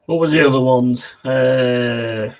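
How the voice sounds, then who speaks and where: Speaking slowly at medium pitch, this man runs a football watch-along, giving casual match commentary. He's chatty and laddish, reading viewers' chat out loud and responding as he calls the play.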